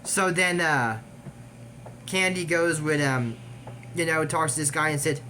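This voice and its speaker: A man recapping an animated series in a casual, digressive way, trailing off with fillers and little laughs. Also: fairly high pitch, unhurried, long pauses, a little hiss or hum. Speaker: YouTube recap host. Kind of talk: casual rambling episode recap.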